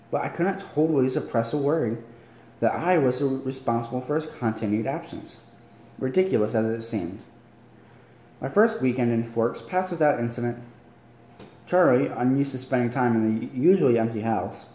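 A tired, yawning amateur reader casually reads a novel aloud at home, often stumbling and correcting himself. His warm, mid-range voice is captured on a phone in an echoey room.

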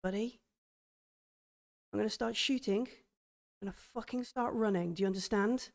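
A hard-bitten female soldier, as a woman game master voices her, barking clipped orders and swearing as she keeps her partner moving. The voice is firm, smooth and direct. It sounds like a commander in a tense tabletop game. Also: fairly high pitch, a little fast, fairly bright tone, in a large hall, natural voice. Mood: grim. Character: tough female soldier leader, steady under fire. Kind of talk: game master voicing a character.

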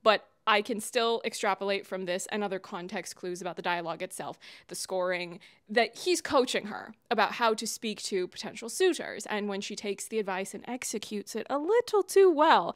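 A woman's voice: mid-range voice, lively intonation, moderate pace, few pauses. A woman commenting on a TV clip in a casual vlog, opinionated and playfully dramatic. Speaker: YouTube commentator.

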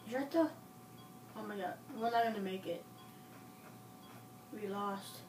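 A woman's voice: medium pitch, measured pace, long pauses, darkish tone, a little hiss or hum. Woman, casual gaming chat, playfully nagging, distant echoey phone recording. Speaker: gamer. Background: game sounds from a TV.

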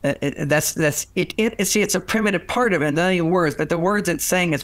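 Older man, relationship author as guest, slightly higher-pitched voice, dry close sound, animated anecdotes with playful acted-out quotes and restarts. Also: fairly quick, dry recording. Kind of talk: conversational storytelling interview.

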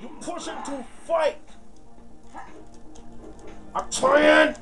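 Frantic high-voiced man yelling at a game. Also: sing-song, slow, pauses often, loud music behind the voice. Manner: yelling, frantic, swearing, urging himself on. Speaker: gamer. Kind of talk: shouting self-coaching while playing a fighting game.

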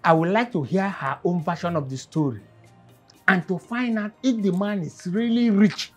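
Scheming mom, low dark raspy voice, music faintly behind. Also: female voice, normal speed. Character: calculating Nigerian mother, curious about money. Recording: film sound with faint music.

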